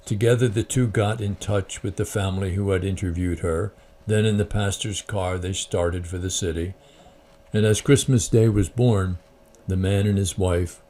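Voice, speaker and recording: A man with a low, dark-toned voice hosts a Christian channel. He reads a story aloud and then reflects on it, and when speaking freely he tends to hesitate and use fillers.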